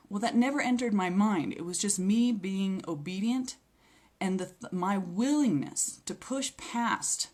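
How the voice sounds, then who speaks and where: A woman's voice: medium pitch, lively intonation, a little slow, darkish tone. A woman giving a personal faith testimony, earnest and reflective, with small hesitations as she tells what happened. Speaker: speaker sharing a healing testimony.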